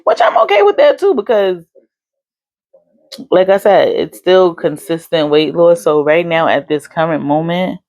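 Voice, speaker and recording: A woman's voice: on the low side, expressive, a little slow, a little mellow, dry recording. A young adult woman vlogging casually, chatty with lots of fillers. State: hiccups. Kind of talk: casual chat.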